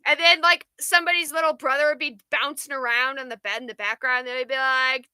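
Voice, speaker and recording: Young woman, livestream host; high, rambly, replies to chat. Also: a little fast, hardly any pauses, sharp tone, no room sound. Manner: chatty, rambling, answers viewer comments. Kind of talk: casual live chat.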